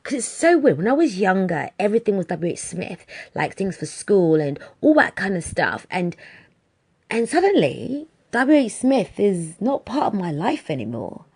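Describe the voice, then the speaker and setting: A woman's voice: mid-range voice, sing-song, normal speed, darkish tone, slightly rough. A woman vlogging in a chatty, exasperated way, swearing freely as she tells a story. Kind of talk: casual monologue.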